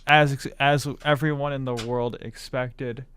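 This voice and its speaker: A man's voice: medium pitch, steady tone, unhurried, fairly bright tone, smooth. Joking male racing podcast host. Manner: joking, mock-defensive banter. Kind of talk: casual racing podcast chat. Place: studio.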